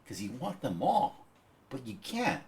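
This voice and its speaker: A man's voice: mid-range voice, wildly swooping pitch, measured pace, gravelly, a little mellow, a little hiss or hum. An American man talking bluntly and crudely as a guest on a casual podcast chat. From United States.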